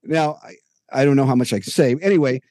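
A man's voice: medium pitch, fast, dark tone, no echo, studio quality. A man co-hosting a podcast, telling a long, detailed anecdote in casual chat and acting out the dialogue as he goes. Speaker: podcast co-host. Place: home room with jerseys on the wall.

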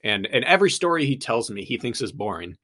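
A man's voice: medium pitch, very animated, fast talker, bright, forceful tone. A man hosting a running podcast and coaching his guest, talking in a chatty, upbeat way. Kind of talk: casual chat.

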